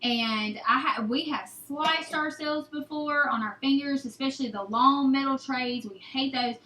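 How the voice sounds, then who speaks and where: A young woman with a drawl talks viewers through a hands-on homestead how-to in a chatty, folksy way. Her voice sits high and bright. The room around her is noticeably echoey. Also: unhurried. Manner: chatty, folksy, addresses viewers as y'all and guys. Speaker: homesteading vlogger. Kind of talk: casual how-to talk.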